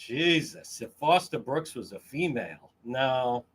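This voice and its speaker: A man's voice: on the high side, big pitch swings, measured pace, fairly bright tone, slightly rough. A man hosting a casual livestream, crude and mocking as he reads comments from chat. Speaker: livestream host.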